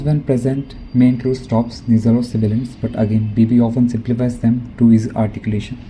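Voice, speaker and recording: A male student reading a prepared academic presentation, careful and measured, now and then correcting himself. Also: medium pitch, warm tone, slight background noise, rough recording.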